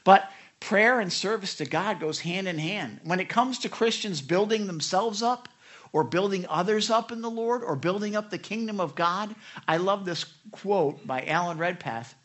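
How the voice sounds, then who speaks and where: A middle-aged pastor preaches with a bright, ringing tone and lively swings from booming emphasis to hushed confessions. He talks candidly and pokes fun at himself, keeping the sermon personal and animated. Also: normal speed. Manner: animated, candid, self-deprecating, swinging loud to soft.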